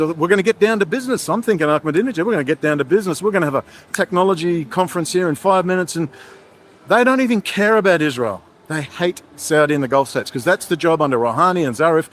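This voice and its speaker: A man giving a heated, sarcastic livestream monologue while out in a city, jumping from topic to topic. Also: a little high. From Australia. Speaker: livestream host. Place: outdoors in a city, walking.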